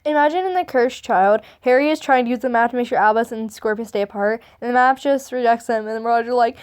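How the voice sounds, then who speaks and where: A woman's voice: a little high, quick pace, few pauses, clean tone. A woman reading fan memes aloud, joking, swearing and laughing as she goes. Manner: laughing, sarcastic, swears freely.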